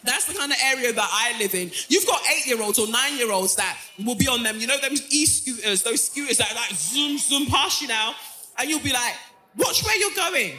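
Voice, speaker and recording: A woman's voice: a little high, brisk, soft background music. A woman from South London with a London accent, hosting a live podcast show on a club stage and acting out the lines she quotes. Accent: London English. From South London, England. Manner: animated storyteller, acts out quoted lines. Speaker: podcast host.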